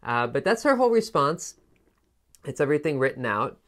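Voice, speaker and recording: A man's voice: on the high side, sing-song, brisk. A man teaching test preparation, explaining pronunciation and word stress patiently and modeling words over and over. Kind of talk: teaching video commentary.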